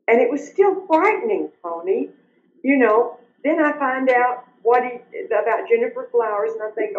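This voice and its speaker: An older woman, earnestly telling her personal story as an interview guest, sometimes halting when upset. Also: a little high, expressive, slight background noise. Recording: roomy, muffled remote audio.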